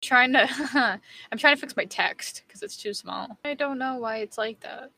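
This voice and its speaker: A young woman with a British accent hosts a podcast in casual chat, loose and giggly, stumbling through notes with plenty of ums. Her tone is bright and forward, slightly strained as if her voice is wearing out. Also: on the high side, a little slow, gravelly, no room sound. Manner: giggly, rambling, lots of ums. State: losing her voice. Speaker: podcast host.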